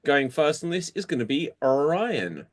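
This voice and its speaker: A man's voice: on the high side, big pitch swings. A man hosting an online comedy show, bringing on each player and calling time. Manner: brisk, drawn-out sign-offs. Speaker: host. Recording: video call audio.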